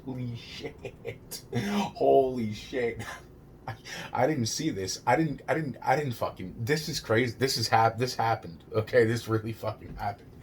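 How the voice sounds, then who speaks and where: A man in the middle of recounting a true story, voice at an ordinary middle pitch with a faint ambient hum behind him. He stumbles over restarts and repeated words and swears constantly. He sounds shaken, as if he can barely believe it himself. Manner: rambling and halting, many restarts and repeated words; shaken disbelief at his own story. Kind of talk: casual first-person true-story retelling.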